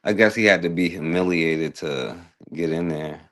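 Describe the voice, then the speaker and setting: A man's voice: low-pitched, normal speed, a bit bright. A man hosting a talk radio show, giving blunt, emphatic commentary with a sarcastic edge.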